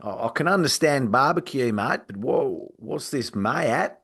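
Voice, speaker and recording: A man's voice: medium pitch, expressive, a little slow, a bit bright, slightly rough, full character voice. A man putting on a puzzled Australian butcher with an Australian accent.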